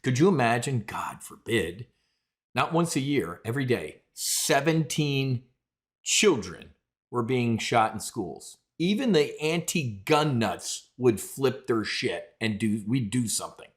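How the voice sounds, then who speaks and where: A man's voice: medium pitch, sing-song, a little slow. Brash man hosting a live trading show. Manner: brash, rambling, addresses the audience as folks. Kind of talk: live market commentary.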